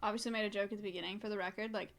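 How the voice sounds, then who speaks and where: Fast-talking young woman, reassuring. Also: medium pitch, steady tone, a bit bright. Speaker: co-streamer friend. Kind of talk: casual chat.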